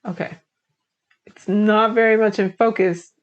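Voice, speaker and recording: A woman's voice: mid-range voice, moderate pace, lo-fi sound. A woman tarot reader talking casually to her viewers, chatty and encouraging, with a lot of "like" as she walks through the cards. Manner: chatty, encouraging, uses "like" often. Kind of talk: casual tarot reading to camera.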